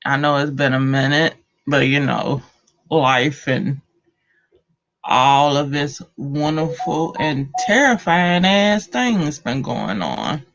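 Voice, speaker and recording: A woman's voice: low voice, expressive, takes it slowly. A woman with a Southern accent chatting casually with viewers on a livestream, slangy and loose. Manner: slangy, laid-back, talks to chat. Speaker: livestream host. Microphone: phone. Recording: dull lo-fi phone audio.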